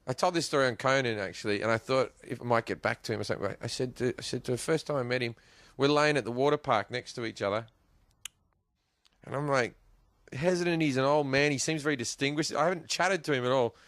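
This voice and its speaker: A man telling a comic story in an animated, swearing, laughing way. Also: mid-range voice, fast talker, dry recording. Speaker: guest.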